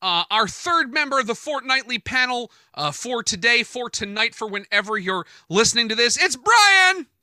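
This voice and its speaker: Upbeat male podcast host, piercing bright tone, talks over a remote call. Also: extremely high pitch, normal speed, few pauses, no room sound. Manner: upbeat, joking, with many fillers and restarts. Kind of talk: casual podcast chat.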